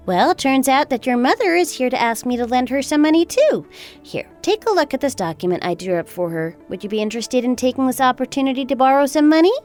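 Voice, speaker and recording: A woman's voice: high-pitched, a little mellow. A woman playing a calculating young wife in a texting-story drama, sweetly polite yet cutting. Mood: coldly triumphant. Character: cool, calculating young wife getting even. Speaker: daughter-in-law.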